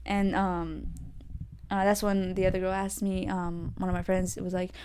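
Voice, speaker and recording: A young adult woman hosting her own podcast, rambling through a story with lots of fillers and getting animated when irritated. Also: lowish voice, moderate pace, smooth. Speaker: podcast host. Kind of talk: solo casual rant. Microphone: desk podcast mic.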